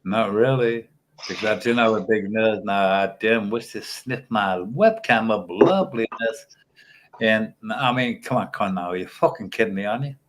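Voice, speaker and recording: A man's voice: on the low side, moderate pace, a bit bright, slight background noise. A man chatting on a livestream panel from a home webcam setup with a studio microphone, rambling and teasing the others cheekily. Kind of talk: casual chat.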